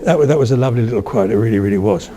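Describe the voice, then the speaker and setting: A man with a medium-pitched, dark-toned voice races through his words. He is an older lecturer on spoken English addressing a live audience of about eighty at a public talk, telling anecdotes conversationally and checking in with those listening.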